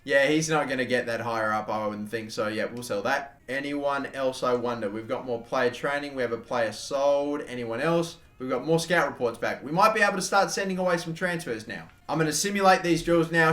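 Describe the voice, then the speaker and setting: A young man giving excitable, sweary commentary over a football video game, shouting at the big moments. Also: mid-range voice. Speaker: gaming YouTuber. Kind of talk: live gameplay commentary. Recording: echoey room.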